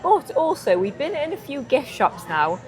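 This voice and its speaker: A woman's voice: sits high, sing-song, normal speed, soft background music. Teasing Stoke-accented woman vlogging. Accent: Stoke-on-Trent English. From England. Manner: playful and teasing. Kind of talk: casual travel vlog.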